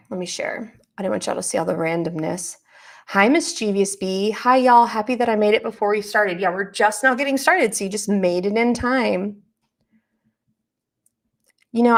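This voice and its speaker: A woman hosting a live reaction stream in casual chat, low on energy and slightly raspy near vocal fry, easily distracted and reading chat aloud. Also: moderate pace.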